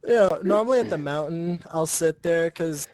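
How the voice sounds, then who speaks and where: A man as the guest on a casual talk show, laid-back and halting, giggling as he talks. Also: on the high side, darkish tone, no room sound. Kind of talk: casual chat.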